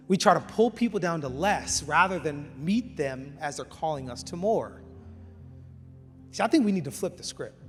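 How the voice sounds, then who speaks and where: A male pastor delivers an energetic sermon in a high, bright voice. His words ring through a large church hall with a long echo and soft music underneath. He surges to emphatic, near-shouted peaks, then pulls back to quiet, close passages. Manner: passionate, swings between loud emphatic peaks and quiet intimate passages. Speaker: campus pastor. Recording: reverberant hall with faint music.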